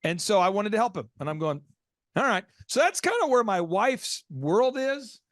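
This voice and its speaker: An American man hosts a business podcast with a fairly high, animated voice. He tells stories at speed, rises into excited squeaks for his own reactions, and sounds dry and close to the mic. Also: normal speed, no echo. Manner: lively, jumps into high excited voices when acting out reactions. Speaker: podcast host.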